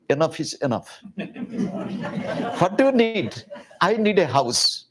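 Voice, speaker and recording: A man giving a public spiritual talk, telling a story in an animated, conversational way with casual asides. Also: high-pitched, takes it slowly, long pauses, husky. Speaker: spiritual teacher.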